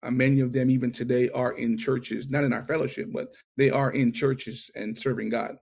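A man's voice: medium pitch, normal speed, vocal fry. A middle-aged man in an interview, telling his testimony and acting out the lines of the people in it. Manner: animated storyteller, acts out dialogue. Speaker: interview guest.

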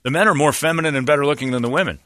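A man's voice: a little high, racing, fairly bright tone, dry recording. A man hosting a comedy podcast, ranting in a crude, sarcastic and emphatic way. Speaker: podcast host. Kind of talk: casual comedic rant.

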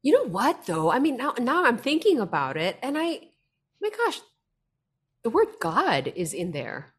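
A woman co-hosting a casual talk show, speaking hesitantly with many fillers and quick amazement. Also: a little high, wildly swooping pitch, slightly rough. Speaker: podcast co-host. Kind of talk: casual chat.

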